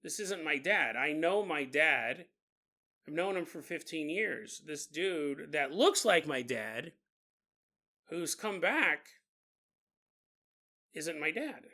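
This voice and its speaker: A man voicing a hurt, confused teenage son who talks in a low, subdued, pleading way. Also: lively intonation, takes it slowly, pauses often, sharp tone, exaggerated voice. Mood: uneasy.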